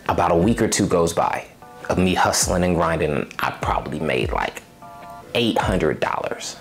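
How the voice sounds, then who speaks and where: A young man telling a personal testimony, acting out his past words with rising emotion. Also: low voice. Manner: animated retelling, acts out his own past voice. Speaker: storyteller sharing a personal testimony. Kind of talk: personal storytelling.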